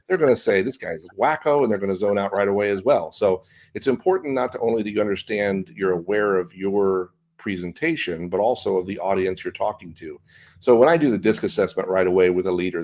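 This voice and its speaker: Middle-aged guy, real low voice, animated coach talk, podcast guest. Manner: animated, expressive inflection. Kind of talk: business podcast interview.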